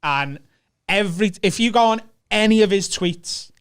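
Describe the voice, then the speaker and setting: A Scouse man, a comedian, telling animated, sweary stories in casual chat on a podcast. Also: high voice, normal speed, clear, resonant tone. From Liverpool, England.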